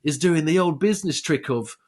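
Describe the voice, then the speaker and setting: A young man, his voice pitched high for a man. He tells a story animatedly on a casual podcast, swearing freely and slipping into quoted voices. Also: lively intonation, fairly quick, darkish tone. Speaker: podcast co-host.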